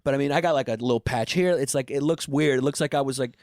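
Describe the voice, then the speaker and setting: A man holds down his side of a comedy podcast, spinning rambling, profane bits with a deadpan edge. His voice sits in a middle register. It is recorded close on a studio mic with a dry, dead sound. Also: mid-range voice, quick pace, dry recording. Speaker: podcast co-host. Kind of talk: casual comedy podcast chat.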